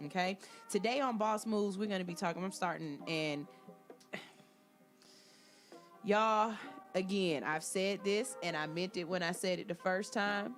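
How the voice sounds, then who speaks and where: Woman, radio host, casual comedic chat, slangy, animated, mid pitch, faint background music. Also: unhurried, long pauses. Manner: animated, loud laughs, slangy.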